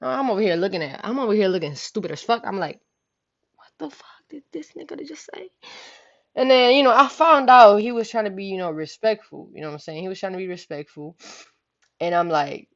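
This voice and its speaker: A woman's voice: mid-range voice, quick pace, dull audio. A young woman vlogger telling a story casually, profane and rambling, often asking "you know what I'm saying". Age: young adult.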